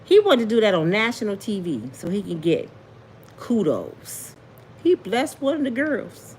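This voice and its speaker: A woman's voice: medium pitch, huge pitch swings, measured pace, darkish tone. A woman rants in a casual commentary, preachy and indignant. She keeps asking rhetorical questions in loose, everyday speech. A faint hiss of noise sits under her voice. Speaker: commentary vlogger.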